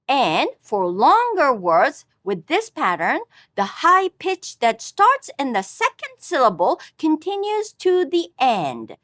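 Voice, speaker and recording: Slow, lively-pitched woman teaching pronunciation. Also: no room sound, studio quality. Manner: slow, careful, modeling pronunciation. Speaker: language teacher. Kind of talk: scripted language lesson narration.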